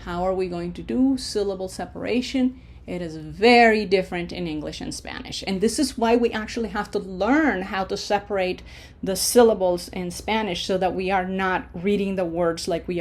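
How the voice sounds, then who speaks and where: A woman's voice: on the low side, slight background noise. A woman teaching a Spanish pronunciation lesson, patient and encouraging, often checking in with "okay?" and modeling syllables aloud. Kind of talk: online language lesson.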